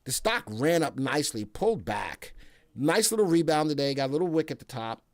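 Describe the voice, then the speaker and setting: A man's voice: fairly high pitch, big pitch swings, brisk, no room sound. A man hosting a casual stock market livestream, chatting with viewers and reading their comments between chart talk, playful and talkative.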